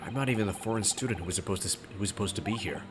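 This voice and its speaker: A man reading game dialogue as an earnest young Japanese law student, polite and measured. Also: lowish voice, noisy background, close to an everyday voice. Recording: music playing behind.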